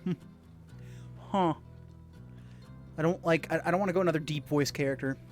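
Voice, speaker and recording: Higher-pitched guy streaming a game, reads the text out, rambles and chats with viewers between lines. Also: normal speed, faint music behind. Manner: chatty, rambling asides to viewers. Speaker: gaming streamer. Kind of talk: casual let's-play, reading game text aloud.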